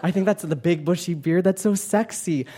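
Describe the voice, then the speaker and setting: A man's voice: high voice, normal speed, mellow. A young man doing a stand-up comedy set on stage, campy, playful and self-mocking. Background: audience laughter.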